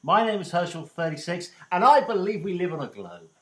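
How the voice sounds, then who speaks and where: A man's voice: high voice, sing-song, fairly quick, fairly bright tone, reverberant. A man hosting a podcast, joking and stumbling through his questions in a chatty way. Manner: jokey, stumbling chatty host. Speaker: podcast host. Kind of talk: casual podcast conversation.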